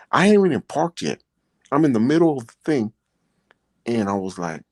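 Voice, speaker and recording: A middle-aged man with a lowish, sing-song voice speaks at normal speed with long pauses, and the recording has no room sound. Once imprisoned and now a podcast host, he rambles casually through his own stories, peppering them with "you know," and grows earnest and emotional as he recounts his experiences.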